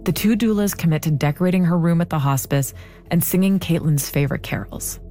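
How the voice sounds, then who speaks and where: A woman narrating a podcast story in a measured, composed way. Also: lowish voice. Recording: soft music bed underneath.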